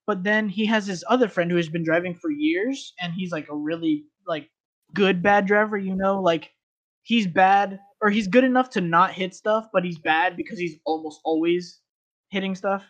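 A man's voice: high voice, moderate pace, a bit bright. Rambling man telling a story. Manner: rambling, filler-heavy storytelling. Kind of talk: casual storytelling chat.

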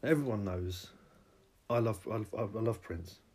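A man hosting a podcast, delivering a rambling, sweary comic rant that bursts into shouting. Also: on the low side, moderate pace. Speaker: podcast host. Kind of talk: comic ranting monologue.

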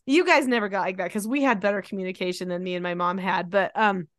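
A woman in her forties, a mother and host, talking in a chatty, animated way and acting out quotes. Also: medium pitch, fast, dry recording, studio quality. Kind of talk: casual conversation.

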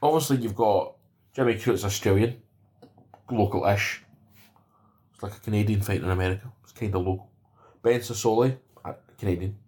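A man's voice: on the low side, a little fast, pauses often, a little mellow. Scottish man, podcast co-host, casual chat, laid-back, bantering. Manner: laid-back banter, calls people mate. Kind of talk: casual chat about combat sports.

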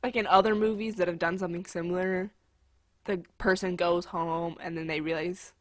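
A woman chatting casually about a movie, her talk full of fillers and wry asides. Her voice sits a bit low for a woman. The recording is dry, with no room sound. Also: steady tone, moderate pace, dry recording.

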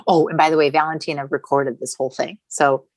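Candid low-voiced woman telling a story. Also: little pitch movement, quick pace, dry recording, low-quality recording. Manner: chatty, candid, swears casually. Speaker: podcast guest. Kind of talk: casual storytelling.

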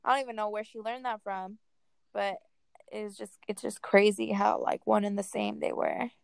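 Young woman, casual chat, vocal fry, smooth, laid-back. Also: medium pitch, fairly even intonation, moderate pace, dry recording.

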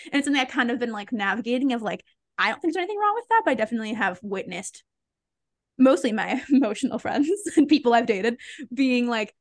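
A young woman rattles along at a quick clip in a casual podcast chat. Her voice sits a little high, and she strings loose, candid thoughts together with plenty of "like" and easy laughs. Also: expressive, no echo, studio quality. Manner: rambling and candid, heavy filler words, laughs often. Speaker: podcast guest. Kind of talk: casual conversation.

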